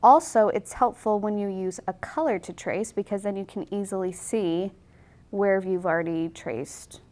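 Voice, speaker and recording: A woman's voice: medium pitch, normal speed, darkish tone. A woman in her thirties teaching a watercolor tutorial in a casual, chatty way, often saying "like" and laughing easily. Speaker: watercolor instructor.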